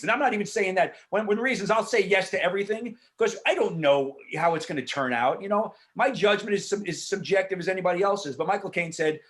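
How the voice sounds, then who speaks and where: A man, an actor, answering questions in a casual Q&A over a video call, frank and animated, swearing freely and filling talk with asides. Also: high voice, fast talker, hardly any pauses. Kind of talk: casual Q&A storytelling.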